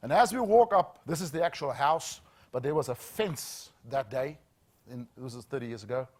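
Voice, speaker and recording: A middle-aged man, telling a story as a safety trainer, with earnest dramatic pauses that drop to a hush. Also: medium pitch, expressive.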